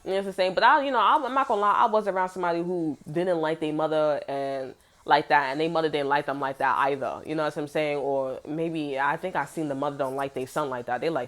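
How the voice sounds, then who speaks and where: Young adult woman, tarot reader, low-set voice, profane, emphatic, rambling, quick to laugh. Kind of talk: casual tarot reading rant to camera.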